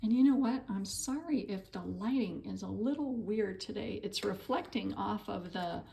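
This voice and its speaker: A woman hosting a crafting tutorial, gushing and excitable with gasps and soft whispered asides as she demonstrates at her craft table. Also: mid-range voice, moderate pace, vocal fry. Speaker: crafting channel host.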